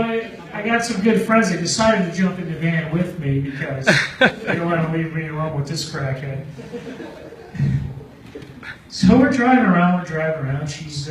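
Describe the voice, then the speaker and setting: A man doing stand-up, telling a rambling story and laughing at his own jokes. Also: fairly high pitch. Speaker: stand-up comedian. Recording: echoey room from far off with faint ambience.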